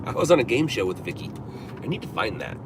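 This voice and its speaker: A man's voice: lowish voice, big pitch swings, fast. A man in his forties hosting a live stream from a car, chatting casually and rambling, with many fillers and restarts. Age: 40s. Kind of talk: casual chat. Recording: traffic noise behind.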